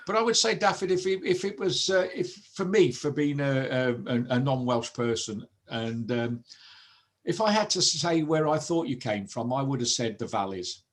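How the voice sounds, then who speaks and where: A man's voice: mid-range voice, lively intonation, normal speed. A man hosting a radio chat on a video call, stumbling and repeating words as he talks. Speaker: radio show host.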